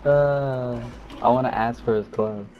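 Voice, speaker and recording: A man's voice: medium pitch, fairly even intonation, unhurried, muffled recording. A man talking casually over in-game voice chat, complaining in a laid-back way, with gunfire behind. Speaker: other player in game chat.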